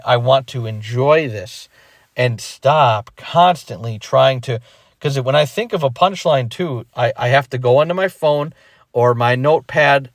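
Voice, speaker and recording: A young man talks straight to the camera in a casual vlog, animated and emphatic, circling back to repeat his points. His voice sits in the ordinary middle range for a man. The sound is close and dry, with no room around it. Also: mid-range voice, dry recording. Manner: animated, emphatic, repeats himself, acts out quick imagined thoughts. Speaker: rapper explaining his retirement.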